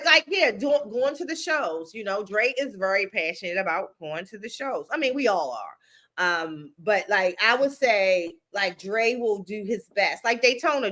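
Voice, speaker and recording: Woman podcast co-host, casual chat, blunt and teasing, animated pitch, bright voice. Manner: laughs often, blunt and teasing.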